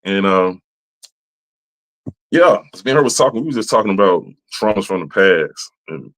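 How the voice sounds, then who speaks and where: A man hosting a podcast in a casual, profane, animated monologue, laughing often and jumping high in pitch when he rants. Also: moderate pace. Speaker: podcast host.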